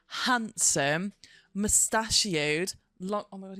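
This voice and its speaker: A woman's voice: medium pitch, measured pace, bright, forceful tone, clear, resonant tone, dry recording. A young woman, chatting casually in a home vlog and talking to her dog. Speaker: vlogger.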